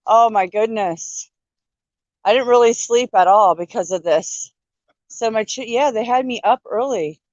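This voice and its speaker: A woman's voice: fairly high pitch, unhurried, darkish tone, dry recording, dull audio. Rambling woman vlogging outdoors. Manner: rambling, talks to viewers and animals, many restarts. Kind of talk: casual morning vlog chat.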